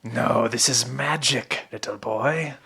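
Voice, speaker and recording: A man's voice: medium pitch, slow, creaky, bright, forceful tone, breathy edge, full character voice. A man voicing an eager, friendly kobold in a tabletop game, with earnest broken phrasing. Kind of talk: tabletop role-play voice.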